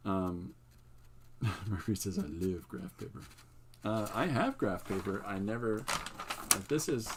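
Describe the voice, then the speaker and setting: An older man with a fairly low voice talks through his own artwork in an easygoing show-and-tell. He wanders from point to point and is amused by his own jokes, with a faint hiss behind him. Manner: relaxed, meandering, self-amused. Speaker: artist and channel host. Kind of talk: casual show-and-tell livestream.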